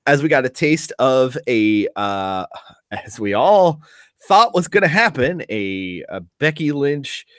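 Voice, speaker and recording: A man co-hosting a podcast, talking in loose, casual chat. His pitch jumps around a lot, and the sound is close and dry. He swears freely and often restarts his sentences. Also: very animated, slow pace, dry recording. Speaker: podcast co-host.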